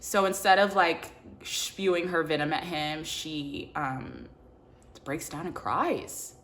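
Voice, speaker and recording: A woman reviewing a book in an animated, casual way, full of "like" and quick acted-out character lines. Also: low-pitched, a little hiss or hum. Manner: animated, filler-heavy, acts out characters' lines.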